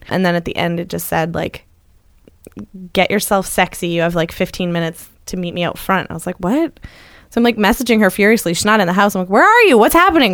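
Woman, 30s, podcast co-host. Animated storyteller with big pitch jumps, dry close-mic sound. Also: no room sound. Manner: animated, acts out quoted lines with jumps in pitch. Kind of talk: casual storytelling chat.

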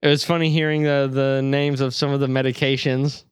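A man talks through a film he loved, eager and a little self-doubting, tossing in swear words. His voice is smooth and clear. The recording is dry and close, with no room sound. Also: medium pitch, little pitch movement, a little fast, no echo. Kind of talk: casual movie review chat.

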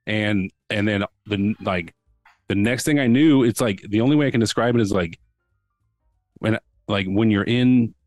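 A man's voice: fairly low pitch, moderate pace, no room sound, soft background music. Rambling man telling a story. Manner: rambling, full of restarts and reenacted quotes. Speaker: podcast guest. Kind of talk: casual storytelling.

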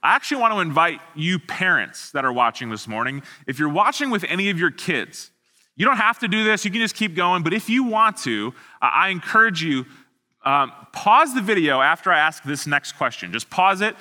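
Student pastor, thirties, man; very bright, forward tone; easygoing, joking sermon delivery with a long echo trailing each line. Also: a little high, very animated, a little fast. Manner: casual, self-deprecating, frequent restarts. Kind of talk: online sermon. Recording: long hall reverb.

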